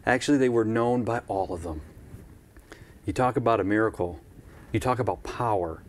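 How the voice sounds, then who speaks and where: A man's voice: on the low side, normal speed, pauses often. A man preaching a live-streamed church sermon in a conversational way, with asides and repeated phrases.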